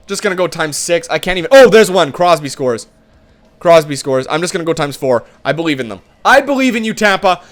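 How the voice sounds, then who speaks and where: High, lively man ranting over gameplay. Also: brisk. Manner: exasperated, swearing, ranting. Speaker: gaming video host. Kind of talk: frustrated gameplay commentary.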